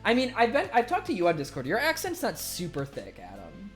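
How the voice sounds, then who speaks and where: A man's voice: high-pitched, huge pitch swings, fairly quick. A young man streaming live, reading viewer messages aloud and chatting casually, laughing often and swearing freely. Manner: laughs often, loose and swearing, voice swings from loud to mumbled. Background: faint music.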